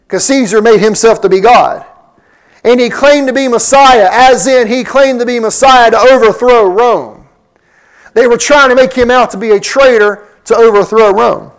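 A man's voice: high-pitched, rough recording. A man preaching a sermon, teaching from scripture verse by verse and acting out the lines he quotes. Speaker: pastor.

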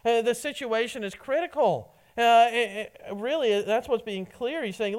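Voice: medium pitch, lively intonation, normal speed, smooth. A preacher giving a sermon, often stumbling and repeating words as a phrase begins.

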